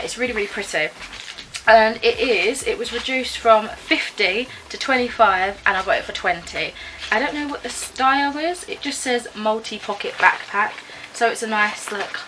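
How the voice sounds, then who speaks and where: A young British woman talks through her latest finds in a relaxed, rambling vlog, full of ums and little self-corrections. Her voice is bright and clear, sitting in the middle of the female range. A faint hiss of background noise stays under her. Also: medium pitch, rough recording. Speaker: book vlogger. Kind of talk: casual vlog chat.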